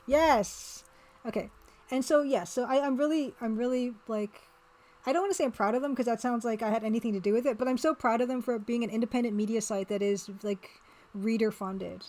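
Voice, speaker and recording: A woman with a somewhat high voice talks loosely through her artwork on a live stream. She rambles, restarts, and keeps replying to chat in an easygoing, chatty way. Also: fairly quick, a little mellow. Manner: rambling, chatty, reads and answers chat, laughs often. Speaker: streamer and pixel artist.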